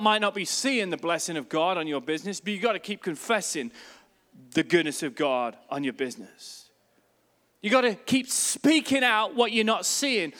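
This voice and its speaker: A man preaches a sermon in a fairly high voice. He tells stories and hammers home his points with emphasis. His voice rings with the long reverb of a large church hall. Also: a bit bright. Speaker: pastor.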